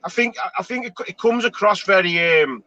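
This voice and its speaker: A man's voice: high-pitched, a little fast, bright, forceful tone, no echo, highs cut off. A man hosting a casual online panel chat, talking in a chatty, rambling way with frequent restarts. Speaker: show host.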